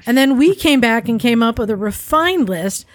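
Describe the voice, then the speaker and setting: A woman's voice: on the high side, lively intonation, moderate pace, dry recording. A woman co-hosting a casual motorcycle podcast, telling a rambling story full of repeated phrases. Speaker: podcast co-host. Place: garage studio.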